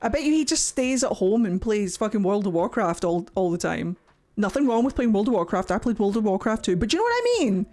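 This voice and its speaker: A young woman giving casual reaction commentary, mocking and excitable, who swings between shrieks and low grumbles and swears a lot. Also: brisk. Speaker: streamer reacting to a game.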